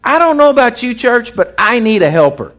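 A man's voice: very high-pitched, brisk. A man preaching an off-the-cuff sermon, acting out voices as he goes. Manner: animated, acts out voices in his storytelling. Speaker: pastor.

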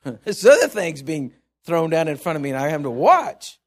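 A man's voice: fairly high pitch, sing-song, normal speed. A male preacher giving a sermon in an emphatic, conversational way.

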